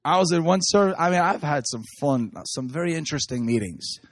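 Male preacher, fairly high voice, dry close sound, animated storytelling with laughs. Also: fairly quick, dry recording. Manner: excited, laughing while telling stories.

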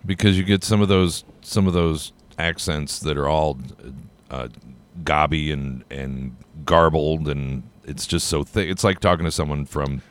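A man with an extremely deep voice chats in an easygoing way on a podcast, drawing out his phrases. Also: unhurried. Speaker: podcast co-host. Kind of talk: casual chat.

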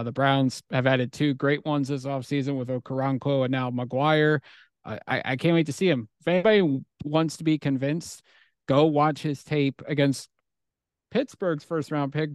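Enthusiastic guy talking football on a podcast, smooth clear voice, dead dry sound. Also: medium pitch, moderate pace, dry recording. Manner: eager, enthusiastic analysis. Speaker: podcast co-host. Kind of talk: casual sports chat.

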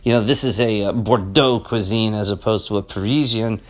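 A man's voice: fairly low pitch, fairly even intonation, normal speed. A middle-aged man talking off the cuff as a vlogger, rambling and conversational, with emphatic rhetorical questions and a habit of tacking "okay?" onto his points. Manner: rambling and conversational, peppers talk with "okay?" and "you know". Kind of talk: casual off-the-cuff monologue.

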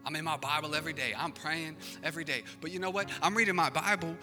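A man's voice: fairly high pitch, steady tone, fast, few pauses, long reverb tail, music in the background. A male pastor giving an impassioned sermon, his intensity rising and falling.

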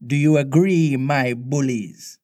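Storybook pirate captain, theatrical and slow, done by a man reading aloud. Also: medium pitch, mellow, lightly acted. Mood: commanding. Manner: theatrical, drawn-out old-fashioned speech. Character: menacing, shaken pirate captain, older man.

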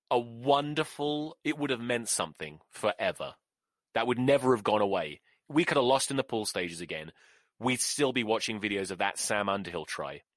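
A man's voice: medium pitch, fairly bright tone, no room sound, studio quality. A man, hosting a solo podcast and ranting with profanity and sarcasm. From England. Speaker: podcast host. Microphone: close mic.

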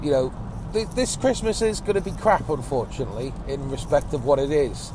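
Recording a one-take podcast from his car in traffic, a man with a higher, very animated voice talks a little fast, rambling and grumbling while driving. He swears casually and has a phlegmy cough, and car and road noise sit behind him.

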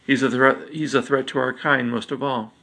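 An anxious, urgent wizard who sees a threat, read by a man in a storybook. The voice is bright and gravelly, with a flat line. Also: mid-range voice, normal speed. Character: worried male wizard.

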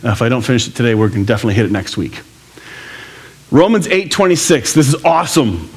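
A man preaching a sermon to a church congregation, conversational and animated, with jokey asides. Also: mid-range voice, quick pace, breathy edge. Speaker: pastor.

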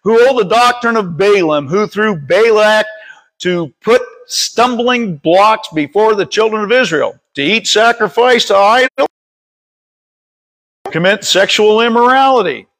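Guy with a high voice reading the bible out loud, trips over words a lot, fixes himself as he goes. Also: lively intonation, rough recording. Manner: reads slowly with frequent stumbles and self-corrections. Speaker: Bible study leader. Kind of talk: reading scripture and teaching. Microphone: streaming over Wi-Fi.

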